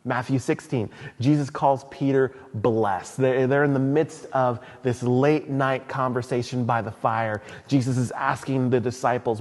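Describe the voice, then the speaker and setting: A male pastor delivering a sermon in a church, talking through scripture like a friendly storyteller. His voice sits at a middle pitch. Long reverb hangs in the hall around him. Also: moderate pace, few pauses. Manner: conversational, animated storytelling.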